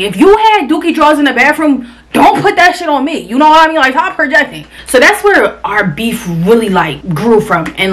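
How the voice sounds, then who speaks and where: A young woman telling a personal story in a casual vlog, blunt and profane, talking around a cough drop. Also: fairly high pitch. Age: young adult. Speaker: vlogger.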